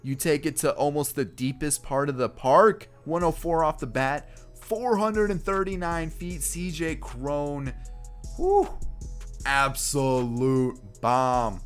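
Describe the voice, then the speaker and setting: Excitable young man commentating a game. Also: on the high side, a little slow, few pauses. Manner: excitable, exclaims over big plays. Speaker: gaming YouTuber. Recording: faint background music.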